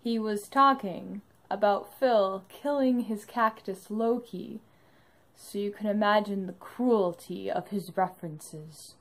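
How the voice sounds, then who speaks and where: A woman's voice: medium pitch, takes it slowly, poor audio. A young woman narrating an enthusiastic fan vlog about a live show she went to, in a bubbly storytelling manner.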